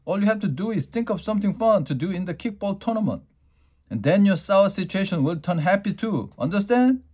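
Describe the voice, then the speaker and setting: Man as a teasing storybook dad, animated and showy. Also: medium pitch, measured pace, breathy edge.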